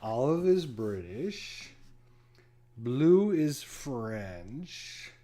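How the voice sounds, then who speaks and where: A man's voice: medium pitch, big pitch swings, drawn-out words, mellow. A man unboxing a board game, casually thinking aloud to himself and counting pieces under his breath.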